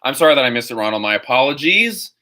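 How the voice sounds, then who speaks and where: A man hosts a live chat stream and reads out viewer questions before ranting his answers. His voice is bright and forceful, and he talks in an opinionated, rambling way at an ordinary middle pitch. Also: sing-song, fast talker. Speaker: host.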